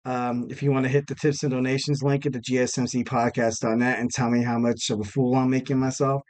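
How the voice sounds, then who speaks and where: A man's voice: medium pitch, steady tone, brisk. A man hosting a wrestling podcast alone, rambling casually with lots of fillers and self-mocking jokes. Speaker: podcast host. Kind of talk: casual solo podcast talk.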